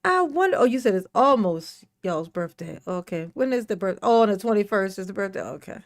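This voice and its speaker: A woman's voice: mid-range voice, brisk. A woman hosting a casual livestream, playfully greeting chat viewers by name and breaking into bits of song. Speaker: livestream host.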